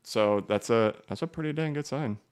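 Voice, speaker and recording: A man's voice: medium pitch, normal speed, smooth. A man in his thirties hosting a casual live stream, chatty and joking as he reads viewer comments and walks through charts. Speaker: crypto livestream host.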